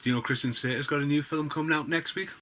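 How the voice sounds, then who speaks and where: A man with a bright, forceful voice rants his way through a story, sweary and sarcastic. His talk is loose and unscripted, with lots of asides. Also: a little high, steady tone, very fast. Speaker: vlogger. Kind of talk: ranting storytelling monologue.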